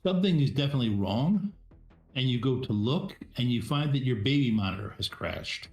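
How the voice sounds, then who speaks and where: A man's voice: mid-range voice, animated, creaky, a little mellow, reverberant, faint music behind. A man narrating a tabletop game as game master, hesitant and full of fillers and restarts. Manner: halting, many fillers and restarts.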